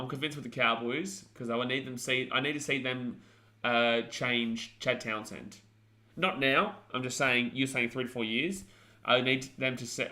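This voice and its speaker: Blunt man in his twenties, bright voice. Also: mid-range voice. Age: 20s. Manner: blunt, opinionated, rambling with fillers. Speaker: host reading viewer chat. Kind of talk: casual sports chat stream.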